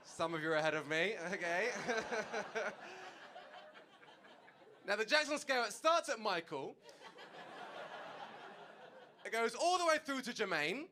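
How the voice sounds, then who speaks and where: A young man doing a stand-up comedy set on stage, telling a story with animated delivery and acted-out dialogue. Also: high voice, measured pace, pauses often, slight background noise. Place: comedy stage before an audience.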